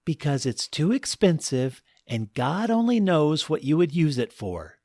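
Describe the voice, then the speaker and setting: A man voicing a fussy, bossy middle-aged wife in a told story, speaking in a high, emphatic, scolding way. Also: expressive, slow pace, no echo, clean studio sound. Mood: chiding.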